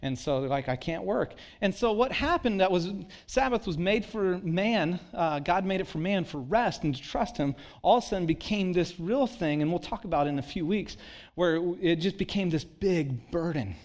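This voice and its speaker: A man preaching a sermon to a congregation in a conversational way, acting out quotes and dropping low and quiet to stress a point. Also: expressive, normal speed. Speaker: pastor. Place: church.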